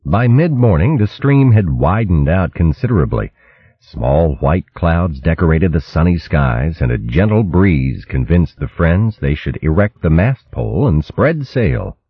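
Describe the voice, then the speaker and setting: Deep, husky male storybook narrator. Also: big pitch swings, a little slow, no echo, dull audio. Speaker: audiobook narrator.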